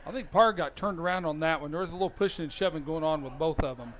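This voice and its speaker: A man giving chatty, folksy color commentary on a live high school football radio broadcast, breaking into bursts of enthusiasm. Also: fast talker, fairly bright tone.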